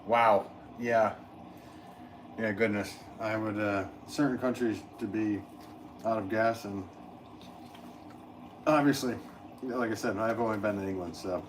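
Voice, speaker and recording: A man's voice: on the low side, unhurried, pauses often, poor audio. A middle-aged man chatting casually during a pottery livestream, rambling and reading out viewer comments with many fillers and restarts. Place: pottery studio. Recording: steady noise in the background.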